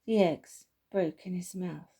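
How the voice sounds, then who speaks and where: Woman, storyteller, mellow tone, gentle read-aloud. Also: on the low side, measured pace, slightly rough. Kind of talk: reading a children's story aloud.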